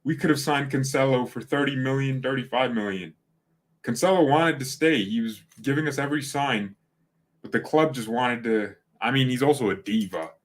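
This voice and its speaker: A man of medium pitch and normal speed runs a fan channel's casual livestream. He rambles, corrects himself, and cracks jokes as he goes.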